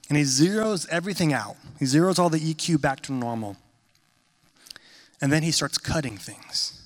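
A man in his thirties preaching a sermon in a conversational, animated storytelling manner. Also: fairly high pitch, moderate pace. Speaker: pastor.

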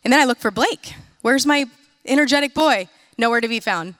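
A woman in her thirties with a fairly high voice tells lively, self-mocking stories in a sermon-style talk. She is from the United States. Her voice is close and dry. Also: dry recording. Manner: lively, self-mocking storytelling with quick asides. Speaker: speaker.

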